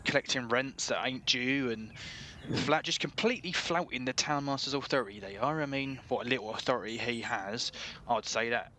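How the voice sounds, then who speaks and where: A man's voice: medium pitch, moderate pace, pushed and bright, a little hiss or hum, natural voice. Man doing a grumbling, chatty country shopkeeper. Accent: British country. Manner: chatty, grumbling, swears freely. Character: gossipy middle-aged male country shopkeeper.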